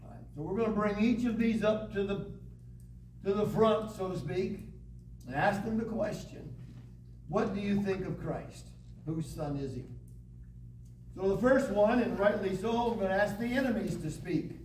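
High-voiced man teaching a Bible lesson. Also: a little mellow. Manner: reads scripture aloud with dramatic pauses. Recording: echoey room, distant mic, faint hiss.

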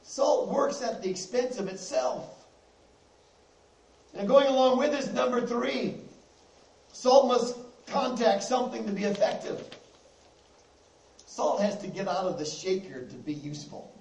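High-voiced male preacher in an echoey church. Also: expressive, gravelly, darkish tone. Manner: repeats key phrases, slows down for emphasis. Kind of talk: sermon. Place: church sanctuary with congregation. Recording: echoey, distant room mic.

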